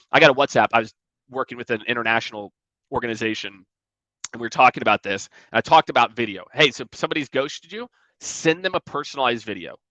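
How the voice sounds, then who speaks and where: A man giving energetic sales coaching in a conversational way, often acting out emails and calls in mocking voices. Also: medium pitch, dry recording, dull audio. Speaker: sales trainer.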